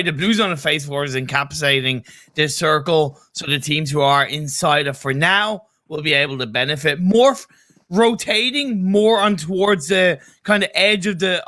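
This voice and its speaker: A man's voice: a little high, sharp tone. A man with an Irish accent giving live esports colour commentary, chatty and analytical. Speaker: esports co-caster.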